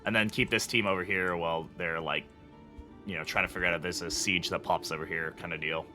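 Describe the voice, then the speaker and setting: A man's voice: low voice, fairly even intonation, quick pace, pushed and bright, faint music behind. A man from the UK giving casual, chatty gameplay commentary while streaming, thinking aloud and chuckling often. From United Kingdom.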